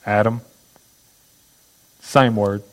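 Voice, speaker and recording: A man's voice: fairly low pitch, steady tone, very slow, poor audio. A man preaching a sermon, teaching step by step and asking his listeners questions. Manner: teaching, asks the audience questions. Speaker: pastor.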